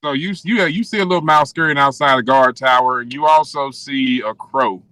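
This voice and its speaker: A man running a tabletop game as game master, talking casually with many pauses and fillers. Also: medium pitch, sharp tone, no room sound, poor audio.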